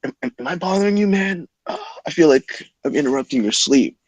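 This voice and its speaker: A drunk, cheerful college guy, as a man puts him on in a storytelling stream, speaking in a high, swooping voice. He sounds loose and friendly, unbothered by anything. The sound is close and dry. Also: expressive, a little fast, no room sound, dull audio. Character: drunk, cheerful young male college roommate.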